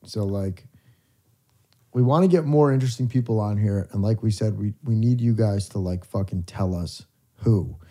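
A man's voice: on the low side, moderate pace, mellow. A young man co-hosting a casual late-night podcast, loose and joking, swearing often and trailing off mid-thought. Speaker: podcast co-host.

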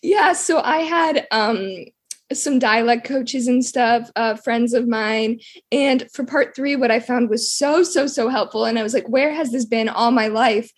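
A woman's voice: fairly high pitch, unhurried, slightly rough. A young woman, an actress, answering interview questions casually over a video call, chatty with frequent "like"s.

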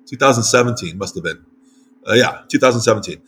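A man's voice: fairly low pitch, quick pace, slight background noise. An American man from New York, hosting a casual interview. He tells stories animatedly, with lots of restarts and quoted dialogue. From United States. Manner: animated storytelling with frequent restarts. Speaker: show host and site publisher. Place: home in northern Mexico.

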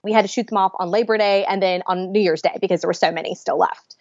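A woman, a podcast guest, telling a story with lively acted-out quotes and frequent laughs. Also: medium pitch, quick pace, dry recording. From Georgia, US. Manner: animated, laughs often, acts out quotes. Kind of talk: storytelling in a casual interview. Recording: dry, dull lo-fi sound.

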